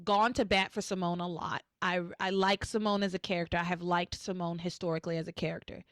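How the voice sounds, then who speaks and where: A woman hosting a podcast in casual recap chat, animated and acting out characters in shrill voices. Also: fast, dry recording, clean studio sound. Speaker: podcast host.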